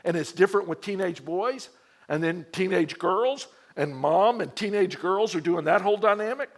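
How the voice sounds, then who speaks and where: A middle-aged male pastor preaching to a men's group in a conversational, storytelling way, full of acted-out quotes and shifts in pitch and loudness. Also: expressive, moderate pace.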